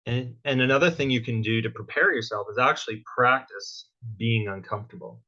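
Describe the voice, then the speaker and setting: A man with a medium-pitched voice, a little fast and pushed and bright, gives a casual motivational talk as a guest speaker at a workshop. He keeps checking in with tag questions like "right?" and "okay?", and the recording has a dull lo-fi sound.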